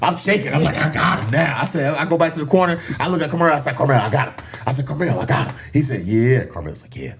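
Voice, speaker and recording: A man telling a boxing story on a podcast, acting out the voices of people in it with shouts and laughs. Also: lively intonation, fast, gravelly, few pauses, a crowd in the background. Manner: acts out quotes with big pitch jumps, laughs and shouts. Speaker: boxer, podcast guest. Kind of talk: animated storytelling.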